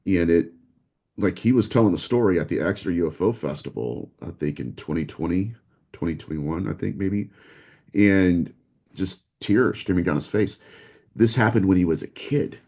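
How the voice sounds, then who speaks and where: Deep-voiced man telling a story animatedly. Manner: animated, fast storyteller who acts out quotes. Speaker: guest researcher. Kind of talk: casual storytelling in a podcast conversation.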